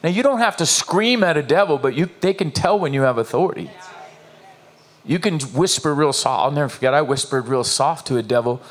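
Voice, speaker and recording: A male pastor preaches in a fairly high voice. He is emphatic and animated, circling back on his phrases and throwing questions out to his listeners. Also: brisk. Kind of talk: sermon.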